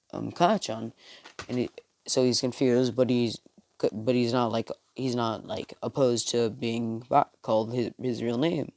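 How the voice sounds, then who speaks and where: A man's voice: medium pitch, no room sound, studio quality. A man telling a fan story casually, rambling with fillers and correcting himself.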